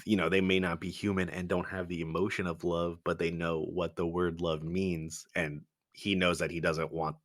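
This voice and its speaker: A man's voice: sits low, little pitch movement, normal speed, hardly any pauses, no echo, clean studio sound. A man co-hosting a podcast, chatting casually about movies, laid-back, swearing and laughing often. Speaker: podcast co-host.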